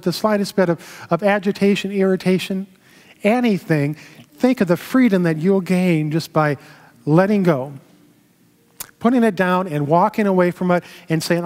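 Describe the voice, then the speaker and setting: A man minister giving a sermon, telling a story in a slow, measured way with pauses. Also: high-pitched, a little mellow. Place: temple sanctuary. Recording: long hall reverb.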